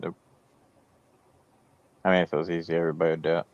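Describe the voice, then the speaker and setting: Deep-voiced guy on a stream, laid back and plain spoken, muffled lo-fi sound. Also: little pitch movement, fast, no echo. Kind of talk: casual live-stream chat. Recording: dull, lo-fi audio.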